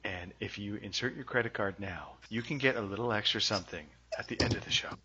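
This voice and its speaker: A man's voice: lowish voice, fast talker, very noisy. A man co-hosting a podcast, chatting casually with dry wisecracks. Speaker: podcast co-host. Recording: dull lo-fi sound.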